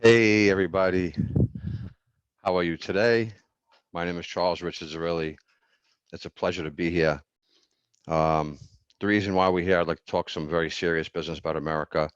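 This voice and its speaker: A man giving a homemade campaign speech as a self-declared presidential candidate. He is halting and formal, with many ums and pauses. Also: low voice, steady tone, smooth, dry recording, dull audio.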